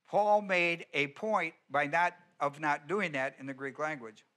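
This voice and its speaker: A man preaching a teaching sermon, his voice bright and ringing and set a little higher than most men's. He presses each point by repeating it and keeps asking the congregation questions. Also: unhurried. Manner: emphatic teaching, repeats key words, asks the congregation questions. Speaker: pastor. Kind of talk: expository sermon.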